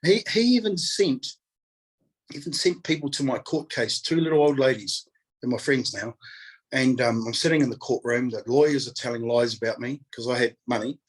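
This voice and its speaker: Husky man telling a life story. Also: mid-range voice, moderate pace, low-quality recording. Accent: New Zealand. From New Zealand. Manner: animated, acts out quoted voices, laughs often. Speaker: guest speaker. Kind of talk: candid storytelling.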